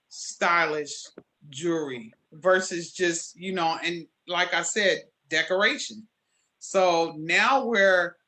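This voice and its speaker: A woman jewelry maker being interviewed, telling her story in a lively way and acting out the conversations she recalls. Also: fairly low pitch. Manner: animated storyteller, acts out quoted exchanges.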